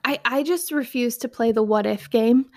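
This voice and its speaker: A woman's voice: a little high, normal speed, warm tone, dry recording, clean studio sound. A mother sharing a faith testimony in an earnest, encouraging way, speaking straight to her listeners. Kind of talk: heartfelt personal testimony.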